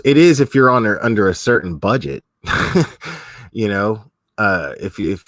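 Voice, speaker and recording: A man's voice: sits low, fairly bright tone, dry recording. A man giving casual commentary as a streamer, rambling with many restarts and frequent swearing.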